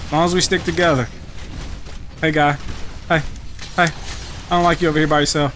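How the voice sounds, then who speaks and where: A young man giving live commentary over his own game match, profane, trash-talking and excitable. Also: on the high side, fairly quick, a little hiss or hum. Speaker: gaming channel host. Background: game music.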